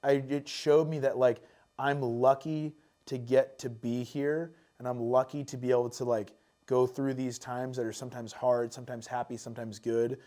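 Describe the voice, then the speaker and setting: A man's voice: mid-range voice, flat delivery, moderate pace, mellow. Rambling, swearing podcast guest, man. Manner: rambling, swears freely, many fillers like "like" and "dude". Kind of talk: casual chat.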